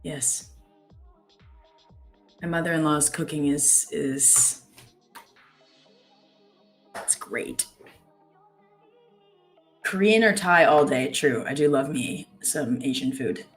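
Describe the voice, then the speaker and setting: A young Canadian woman hosts a live trading stream, chatting casually and reading viewer comments aloud. Her voice is deep and slow, with long pauses, and faint music plays behind her.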